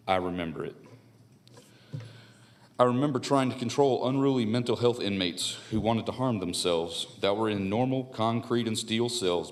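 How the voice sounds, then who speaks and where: An older man with a slightly low voice reads a prepared statement into a podium microphone. He is earnest and measured, coming back again and again to a solemn refrain. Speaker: public commenter. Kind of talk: reading a prepared public statement. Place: county board meeting room at a podium.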